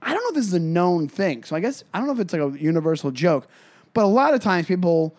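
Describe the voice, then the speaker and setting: Male podcast co-host, high-pitched, casual and rambling, trips over his own sentences. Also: big pitch swings, fast, darkish tone. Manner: rambling, self-interrupting storytelling. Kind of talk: casual comedy podcast chat.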